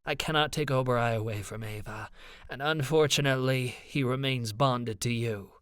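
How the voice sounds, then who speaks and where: A man's voice: mid-range voice, moderate pace, a bit bright, clear, resonant tone, no echo, studio quality, lightly acted. A man voicing a hissing, spiteful old sorceress. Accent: transatlantic. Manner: hissing, cold, contemptuous. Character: spiteful elderly woman fire sorceress, domineering grandmother.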